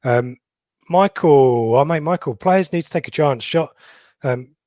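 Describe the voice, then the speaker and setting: A middle-aged man co-hosting a football podcast, reading out viewers' comments in a halting, casual way with many pauses and ums. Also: fairly high pitch, a little mellow, dry recording. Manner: halting, lots of ums and restarts. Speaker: podcast co-host.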